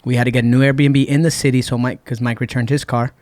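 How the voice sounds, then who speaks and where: A man's voice: mid-range voice, quick pace, no room sound. A man from Puerto Rico, a guest on a podcast, telling a long story in a casual way and acting out what people said. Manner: relaxed, retells events with quoted dialogue. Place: podcast studio.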